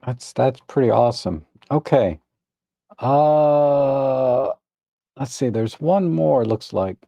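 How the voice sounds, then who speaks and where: A man hosts a live photo editing stream in a relaxed, meandering way. He often restarts his sentences and sounds a little tired. His voice is gravelly and mellow, and the recording is close and dry. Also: medium pitch, takes it slowly, no room sound. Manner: relaxed, rambling, self-correcting with frequent restarts; tired, admits yawning. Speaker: photo editing livestream host. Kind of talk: casual live commentary.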